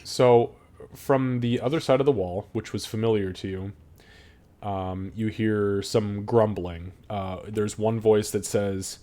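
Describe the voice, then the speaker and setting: Dude running a tabletop game, kinda low voice, loose and sweary. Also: male voice, steady tone, slow, mellow. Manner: casual, profane. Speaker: game master.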